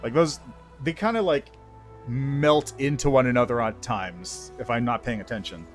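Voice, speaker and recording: A man live-streams a game, dropping joking, self-deprecating remarks between lines of dialogue in casual commentary. His voice is medium-pitched at a normal speed, with faint music in the background.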